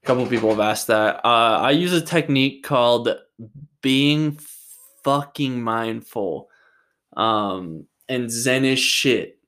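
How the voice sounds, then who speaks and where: A young man from Utah reading out and answering viewer questions in a loose, rambling way. He talks slowly but his pitch swings a lot, and he drops profanity and jokes as he goes. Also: lively intonation, a bit bright. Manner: rambling, jokey, swears a lot. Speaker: vlogger. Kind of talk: casual Q&A vlog.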